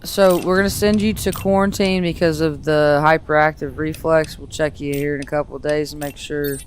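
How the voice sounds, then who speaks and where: A man's voice: a little high, fairly even intonation, moderate pace, slight background noise. A man streaming a game, talking wryly to the characters and joking as he plays. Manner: wry, joking, talks to the characters. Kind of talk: casual gameplay commentary. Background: game music.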